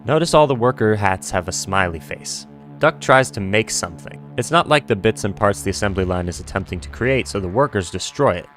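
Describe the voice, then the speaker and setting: A man's voice: on the low side, animated, a little fast, fairly bright tone, soft background music. A man talking through a video analysis of a show in a wry, joking and speculative way. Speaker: commentary host.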